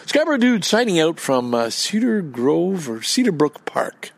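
A man's voice: a little high, sing-song, moderate pace, gravelly, no echo. A man recording a casual, rambling monologue outdoors in a park, swearing freely and flaring up as he gets indignant. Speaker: vlogger.

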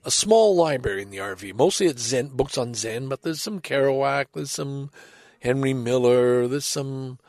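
A man's voice: medium pitch, normal speed, a little mellow, no room sound. A man chatting casually and rambling about his books, breaking off to read poems aloud with feeling. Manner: rambling, self-interrupting, enthusiastic; reads poems aloud expressively. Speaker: vlogger sharing books and poems. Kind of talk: casual rambling talk with poetry readings.

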